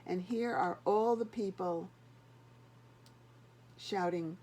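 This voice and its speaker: A woman's voice: fairly low pitch, slow pace, a little mellow. An older woman, a grandmother, reading a picture book aloud and chatting to the children between pages.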